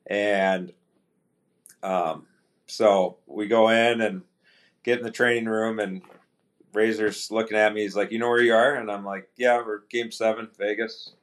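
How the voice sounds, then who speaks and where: A middle-aged man, a retired hockey player, telling stories as a podcast guest in a relaxed, anecdotal way and acting out quoted dialogue. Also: lowish voice, unhurried. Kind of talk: casual storytelling interview.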